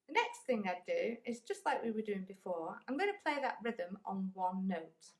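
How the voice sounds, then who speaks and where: A woman's voice: medium pitch, expressive, normal speed, hardly any pauses. A woman music teacher giving a patient, encouraging lesson and counting rhythms aloud.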